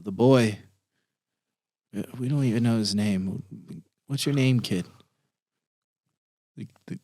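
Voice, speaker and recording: Man game master, somewhat low voice, dry close sound, hushed in tense moments. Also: creaky, no echo. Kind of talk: narrating a tabletop game.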